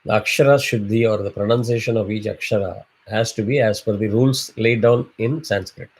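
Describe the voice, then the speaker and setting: A man's voice: fairly low pitch, fairly even intonation, brisk, breathy edge. A man teaching a chanting class, explaining patiently and drawing out syllables as examples. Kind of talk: online class instruction.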